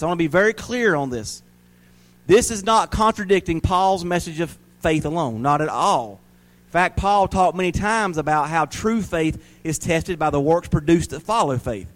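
A man preaching a sermon to a congregation, folksy and joking, rising into emphatic preaching. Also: a little high. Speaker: pastor.

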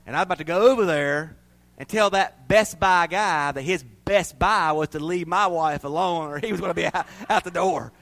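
A man's voice: fairly high pitch, normal speed, a bit bright. A male pastor preaching a sermon in a folksy, storytelling way, often laughing at himself.

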